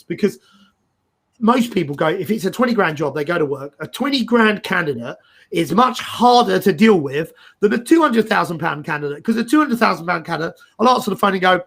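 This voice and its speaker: A gravelly, slightly high-pitched middle-aged man leads a loose career talk on a video call. He is animated and rambling, circling back and repeating words as he thinks aloud. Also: brisk. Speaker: host. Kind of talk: casual career advice chat.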